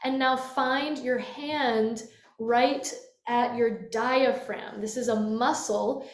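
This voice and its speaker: Brief: woman voice teacher, slightly high voice, demonstrative with yawns and sighs, webcam in a reverberant room. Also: steady tone, takes it slowly. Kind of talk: guided vocal lesson. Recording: echoey room.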